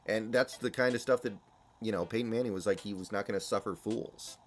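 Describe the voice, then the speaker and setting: A man's voice: fairly low pitch, brisk, slight background noise. A man on a live stream chatting casually and telling stories, with frequent swearing. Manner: profane, storytelling. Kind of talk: casual chat.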